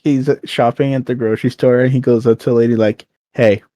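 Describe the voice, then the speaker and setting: A young man co-hosting a podcast in casual chat, relaxed and recapping stories with fillers. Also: medium pitch, brisk, no room sound. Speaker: podcast co-host.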